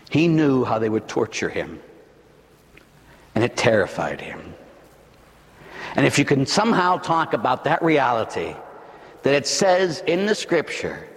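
A priest delivering a dramatic, emphatic sermon, building up to loud shouts. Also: male voice, on the high side, in a large hall.

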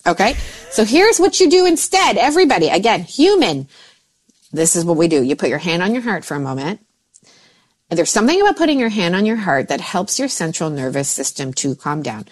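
Woman, 40s, animated coach voice with a very lively pitch range, chatty. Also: fairly quick. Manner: animated, jumps into high voices for quoted thoughts. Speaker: mindset coach. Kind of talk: casual podcast chat.

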